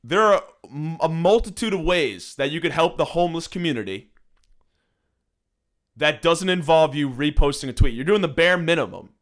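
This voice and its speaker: A man's voice: fairly high pitch, expressive, normal speed, a bit bright. A young man hosting a podcast, ranting sarcastically with plenty of swearing, recorded on his phone at home. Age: young adult. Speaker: podcast host. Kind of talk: solo comedic rant. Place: room at home.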